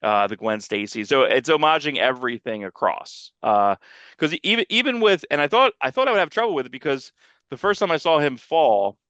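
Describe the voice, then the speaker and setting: A man talks through a movie scene by scene in a relaxed podcast chat, circling back and restarting his thoughts. His mid-range voice sounds close and dry, with a slightly muffled lo-fi tone. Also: mid-range voice, a little fast, dry recording. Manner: rambling, restarts and trails off mid-sentence. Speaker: podcast co-host. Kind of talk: casual chat reviewing a movie.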